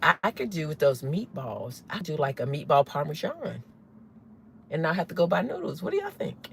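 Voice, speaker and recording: A woman's voice: low voice, big pitch swings, moderate pace, rough recording. Chatty woman talking while driving. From Southern United States. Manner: rambling, chatty, asks viewers questions. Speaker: live-streaming vlogger. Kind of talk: casual chat while driving. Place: inside a car in traffic. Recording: clear car road noise behind.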